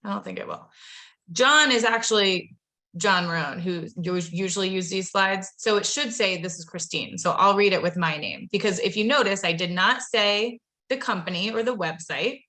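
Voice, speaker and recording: A woman's voice: medium pitch, moderate pace, sharp tone. A woman leading a live online training session, talking in an upbeat, chatty way and addressing her audience directly. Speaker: webinar presenter training real estate agents.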